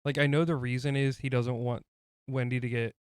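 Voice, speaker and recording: A man with a smooth, resonant voice discusses a film with his co-host. He is chatty and playful and asks questions along the way. The recording is dry. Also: mid-range voice, little pitch movement, fairly quick, no echo. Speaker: podcast co-host.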